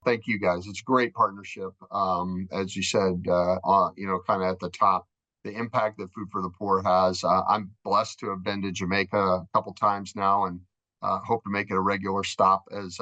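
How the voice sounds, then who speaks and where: A fervent man from Minnesota, USA, a charity marketing executive appearing as a guest, speaks in faith-driven interview talk. His deep voice has a sharp tone, he repeats words and acts out voices, and the dry recording sounds dull.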